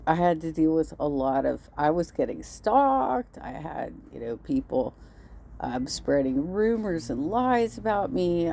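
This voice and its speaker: A woman's voice: low-pitched, warm tone, slight background noise. A woman hosting reaction commentary, blunt and cutting, often sarcastic. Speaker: commentary channel host.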